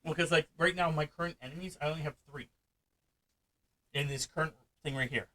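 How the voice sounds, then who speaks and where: A man hosting a casual let's-play chat about a strategy game, hyper, loud and fast-talking. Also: a little high, poor audio. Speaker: gaming channel host. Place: hot room at home.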